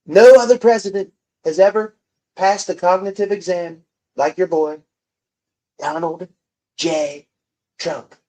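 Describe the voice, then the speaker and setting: A man doing an impression of a boastful older male politician, raising his pitch and stretching his words. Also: fairly even intonation, mellow. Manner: bragging, drawn-out emphasis.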